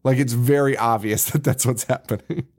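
A man's voice: medium pitch, steady tone, normal speed, darkish tone. A man co-hosting a casual podcast, recapping a horror movie and laughing often as he quotes scenes. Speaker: podcast co-host.

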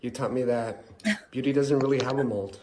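A man's voice: mid-range voice, brisk, noisy background. A man giving an earnest, heartfelt birthday message.

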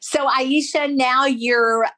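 A woman co-hosting a faith podcast interview, asking questions in a measured, prompting way. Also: sits high, fairly even intonation, sharp tone. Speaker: podcast co-host.

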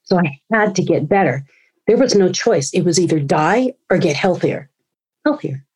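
A woman in her forties speaks as a podcast guest, her voice sitting a little low. She tells her story with animation, slipping into the voices of the people she quotes. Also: animated, normal speed, a little mellow, breathy edge, poor audio. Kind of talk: storytelling interview.

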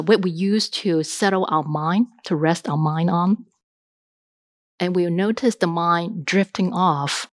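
A woman giving a dharma talk as a meditation teacher, gentle and reassuring, unhurried, with pauses and fillers. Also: on the low side, no room sound, clean studio sound.

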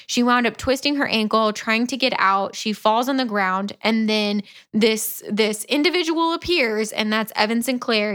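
A woman co-hosting a podcast, briskly retelling a book's plot in casual chat with quick asides. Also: fairly high pitch, sharp tone, smooth. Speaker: podcast co-host. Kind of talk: casual book-review chat.

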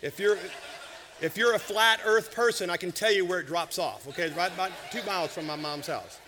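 Middle-aged pastor guy, high bright voice, joking storyteller, big echoey church hall. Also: fairly quick, slight background noise. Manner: animated, humorous storyteller. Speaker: senior pastor. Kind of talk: sermon storytelling.

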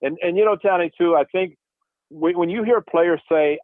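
A man's voice: sits high, moderate pace, dry recording. A man who once played catcher, talking baseball in casual radio chat and acting out old exchanges as he tells stories. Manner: animated storyteller, acts out dialogue. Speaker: baseball broadcaster, former catcher. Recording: dry phone-like radio line.

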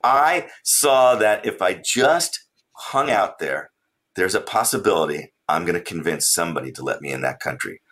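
A man, an author and traveler, telling a travel story as a guest in an interview, animated and laughing often. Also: deep voice, normal speed.

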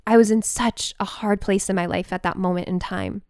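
A woman telling a personal story in an animated, expressive way, with quick bursts. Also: medium pitch, dry recording, clean studio sound.

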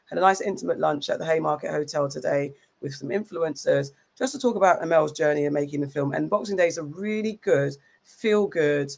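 A woman's voice: sits low, creaky, a little mellow. A young woman co-hosting a podcast, chatty and rambling with many ums, just over an illness. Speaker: podcast co-host. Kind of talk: casual chat.

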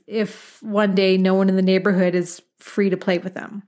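A woman's voice: medium pitch, moderate pace. A woman in her thirties hosting her own coaching podcast, talking in a candid, chatty way with the odd mild swear word. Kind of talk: casual podcast monologue.

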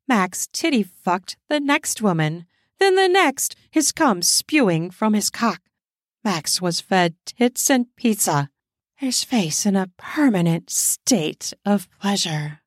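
Woman host narrating erotic audio fiction; unhurried, mid-pitched, dry sound. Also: sing-song, dry recording. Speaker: storyteller and podcast host.

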